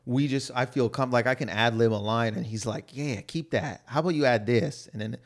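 A man chatting as a podcast guest, telling anecdotes in loose, profane talk full of fillers and acting out other people's lines in loud voices. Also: mid-range voice, fairly quick. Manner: animated storyteller who acts out quotes in loud voices. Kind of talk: casual chat, anecdotes.

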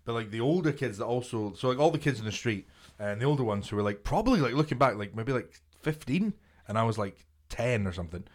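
A man's voice: medium pitch, lively intonation, fast. A young man hosting a podcast, telling stories in a laid-back, sweary, casual chat. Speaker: podcast host.

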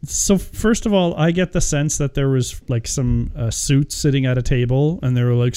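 A man riffing on a film he disliked, his voice mellow and darkish. He stammers through restarts, then launches into exaggerated mock quotes. Loose, swearing podcast banter. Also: on the high side, moderate pace, few pauses, smooth. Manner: animated, mocks with put-on quotes, frequent hesitations. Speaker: podcast co-host reviewing a movie. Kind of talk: casual profane chat.

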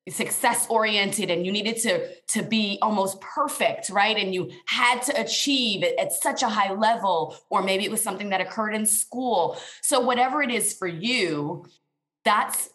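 A woman's voice: medium pitch, a bit bright. Earnest woman sharing a personal story. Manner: earnest, emotional, direct to listeners. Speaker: guest.

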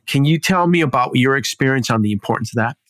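A man's voice: medium pitch, expressive, fast, a bit bright, no echo. A man hosting a podcast, asking inquisitive, conversational interview questions.

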